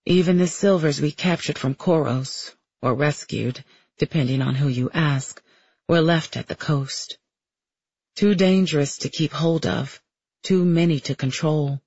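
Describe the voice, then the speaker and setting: A man giving a steady, measured first-person audiobook narration. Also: on the high side, husky, dry recording, lo-fi sound.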